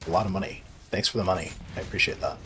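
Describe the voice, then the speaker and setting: A young man casually rambling and swearing as he plays a video game, sarcastic and quick to laugh at himself. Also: low voice, steady tone, bright, forceful tone, slight background noise. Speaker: gaming video creator. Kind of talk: casual rambling commentary while playing.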